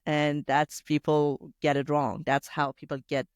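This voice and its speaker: A man hosting a podcast interview, talking quickly and acting out little asides in a casual chat. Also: fairly high pitch, smooth, no echo, studio quality. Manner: quick, lively talk with acted-out asides. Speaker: podcast host.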